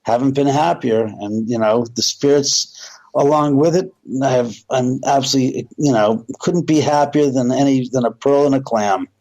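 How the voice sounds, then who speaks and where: Man, middle-aged, radio guest, rambling storyteller, animated, quotes dialogue. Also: mid-range voice, normal speed, dull audio. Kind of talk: casual storytelling on a radio interview.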